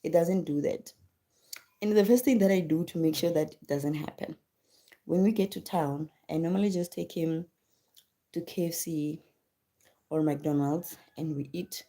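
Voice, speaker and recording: A woman hosts a casual live stream and chats to her viewers about motherhood. Her voice sits low and mellow. She stacks repeated words for emphasis and drops in quick thanks to commenters by name. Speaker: livestream host and mother.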